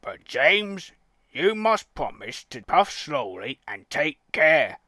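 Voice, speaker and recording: A man voicing a stern, booming male railway boss in an audio storybook, over loud music. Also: sing-song, slow pace, noisy background. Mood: firm.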